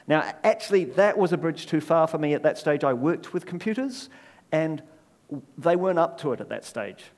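Middle-aged New man, preacher; lively sermon delivery, voice slightly on the high side, wry asides. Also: moderate pace. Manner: animated storyteller with wry self-deprecating asides.

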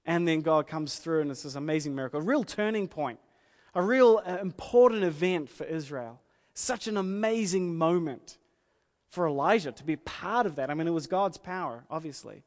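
A man preaching a casual sermon, retelling a story in a conversational, animated way and acting out the quoted lines. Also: on the high side, normal speed. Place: church hall with screen. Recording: reverberant hall.

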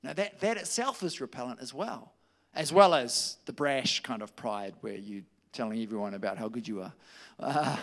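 A man preaching a conversational sermon, lively and informal, slipping into quoted voices. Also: mid-range voice, normal speed. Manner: conversational, animated, with restarts and acted quotes.

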